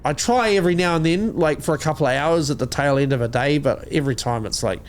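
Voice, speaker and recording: A man's voice: a little high, quick pace. A man in his thirties with a New Zealand accent, co-hosting a podcast in casual comedy chat, swearing a lot and rambling through jokes. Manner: profane, rambling, jokey. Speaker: podcast co-host.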